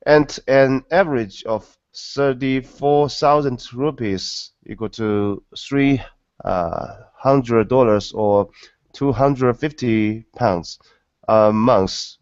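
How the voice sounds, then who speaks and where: Male student, native Chinese speaker, careful slow reader, dry lo-fi line. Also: mid-range voice, darkish tone, clear, resonant tone, no echo. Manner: halting, slow, stumbles over numbers. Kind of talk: reading aloud in a language class. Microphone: video call. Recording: dull dry video call audio.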